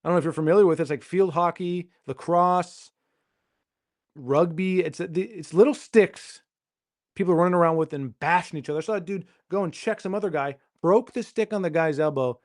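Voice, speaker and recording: A man's voice: a little high, fairly quick, darkish tone. A man hosting his own podcast, rambling through a jokey solo monologue and questioning himself as he goes. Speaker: podcast host.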